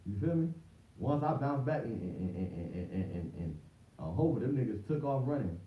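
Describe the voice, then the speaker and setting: This man's voice sits fairly low and is very animated, moving at normal speed as he hosts a livestream. His talk rambles and leans on slang, with frequent restarts and repeated words. The audio is roomy and far off, with a dull, muffled mic and a light hiss.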